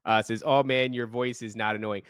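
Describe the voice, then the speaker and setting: A man co-hosting a podcast, reading listener stories in casual chat, animated and profane, often laughing while he reads. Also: mid-range voice, a little fast, clean tone, dry recording, clean studio sound.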